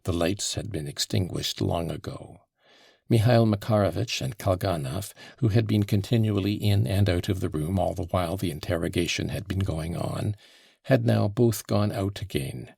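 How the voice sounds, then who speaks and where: Low, gravelly male audiobook narrator. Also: moderate pace, dark tone, no echo, clean studio sound. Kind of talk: scripted narration of a classic novel.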